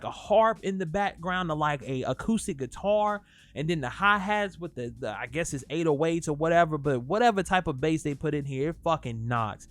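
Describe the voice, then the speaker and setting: A young man talking casually in a music review vlog, animated and profane as he rants. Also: on the high side. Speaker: album reviewer.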